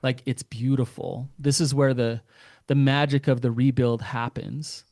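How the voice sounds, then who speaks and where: A man's voice: mid-range voice, level tone, unhurried, darkish tone, dry recording. Earnest male therapist, dry close sound. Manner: earnest, acts out quoted partners. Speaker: couples therapist. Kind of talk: podcast interview talk.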